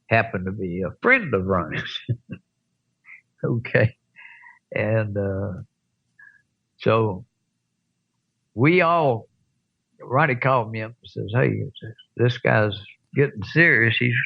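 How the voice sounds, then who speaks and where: An older man, telling a rough anecdote as an interview guest with chuckles and blunt profanity. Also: fairly low pitch, no room sound, muffled recording. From American South. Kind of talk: storytelling in an interview.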